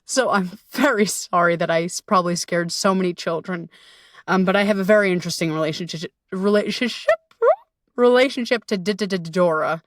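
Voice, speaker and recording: A woman's voice: mid-range voice, expressive, fairly quick, fairly bright tone, no room sound, studio quality. A woman in her thirties hosting a casual solo podcast. She talks in a playful, chatty way with frequent swearing and asides. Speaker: podcast host.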